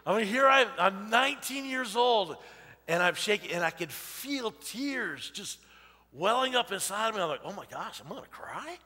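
A man in his fifties preaches in a high, ringing voice. His sermon is chatty and personal, full of "you know" asides, and his words echo with a long reverb through the church sanctuary. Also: expressive, moderate pace, bright, forceful tone. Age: 50s. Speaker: pastor. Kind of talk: conversational sermon.

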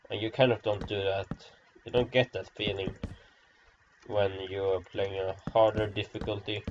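Slow rambling male gamer, lo-fi. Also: fairly low pitch, noisy background. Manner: rambling, self-deprecating, sarcastic. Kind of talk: gameplay commentary. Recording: dull lo-fi recording.

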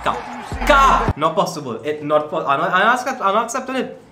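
A man hosting a reaction video, talking casually and excitedly, often repeating himself in slangy speech. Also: on the high side, quick pace, echoey room, over music. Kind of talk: casual commentary reacting to clips.

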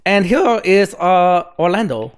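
A man gaming with friends, excitable and swearing often. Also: high-pitched, measured pace, clear, resonant tone. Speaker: gamer. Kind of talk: casual gaming banter.

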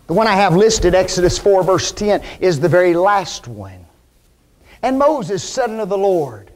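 A man with a strikingly high voice delivers a church sermon. He leans on emphasis and tosses rhetorical questions at his listeners as he works through his points. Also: big pitch swings, unhurried, a little mellow. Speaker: preacher.

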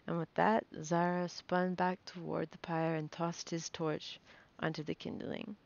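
A woman's voice: on the low side, level tone, a little slow, gravelly, highs cut off. A woman reading a fantasy novel aloud, nervous, stumbling and correcting herself as she goes. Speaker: reader.

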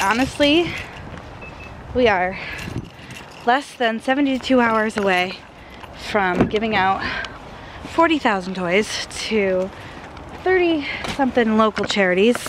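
High-voiced, upbeat woman vlogging from a car. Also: rough recording. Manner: upbeat, chatty, exclaiming. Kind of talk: casual vlog chat. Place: in a car on the road. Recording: clear road and traffic noise.

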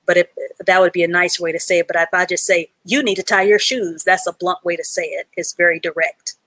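A woman's voice: lowish voice, completely flat delivery, fast talker, fairly bright tone, dry recording. A woman teaching an adult reading class live online, patiently sounding out letters and words and praising learners from the chat.

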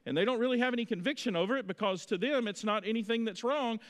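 A man in his thirties preaching a sermon in a church, telling folksy stories with lively energy. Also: very high voice, quick pace, big-room sound. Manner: folksy storytelling, animated. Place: church sanctuary.

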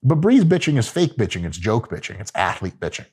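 A man's voice: on the low side, big pitch swings, fairly quick, a little mellow, breathy edge. A man giving casual, profane, joking coaching talk about gym training. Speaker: fitness coach.

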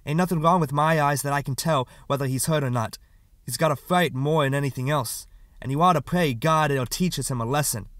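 A man's voice: on the high side, a little fast, a bit bright, no echo, clean studio sound, pitched above the performer's own voice, natural voice. A man doing a firm, defiant mother. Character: defensive, stubborn mother, grown woman.

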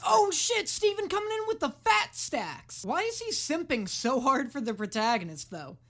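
A woman hosts a reaction video with casual, sarcastic commentary, swearing freely and often yelling at the screen. Her voice sits high with big pitch swings, at normal speed.

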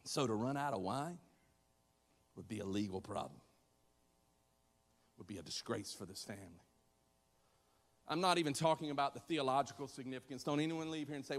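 A man preaching a sermon in a church, conversational and animated, joking with the congregation and acting out voices. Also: medium pitch, fairly quick, long pauses, long reverb tail. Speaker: pastor.

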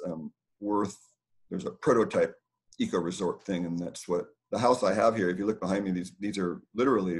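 A middle-aged man hosting a casual community talk from his house, rambling and digressing as he explains. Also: fairly low pitch.

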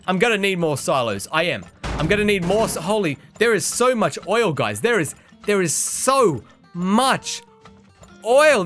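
Excitable man with a lively, swooping voice. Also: high voice. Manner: excitable, pleading with the game, talks to viewers. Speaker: gaming YouTuber. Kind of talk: let's play commentary.

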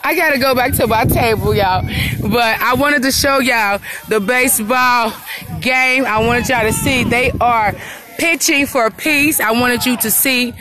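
A woman's voice: a little high, measured pace, poor audio. A woman giving casual, upbeat live commentary on her phone while walking around an outdoor park event, laughing often. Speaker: live-streamer at a community event. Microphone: phone camera, live stream. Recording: outdoor noise behind.

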